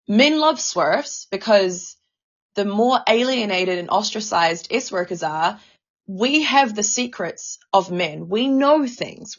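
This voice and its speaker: Heard through a recording with the highs cut off, a woman with a mid-range voice co-hosts a laid-back podcast. She gets emotional, stammers, and swears frequently.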